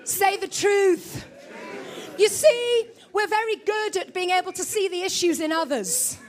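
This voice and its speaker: A woman with a very high voice preaches in a lively, joking way, teasing the congregation as she goes. She sounds middle-aged and speaks from the front of a church. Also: moderate pace. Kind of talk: sermon.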